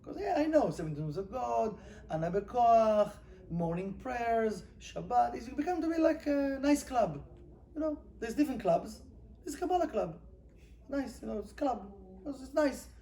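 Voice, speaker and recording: High-voiced man teaching Kabbalah. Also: vocal fry, slight background noise. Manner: animated, rhetorical questions, reads Hebrew quickly then translates. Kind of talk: informal class lesson.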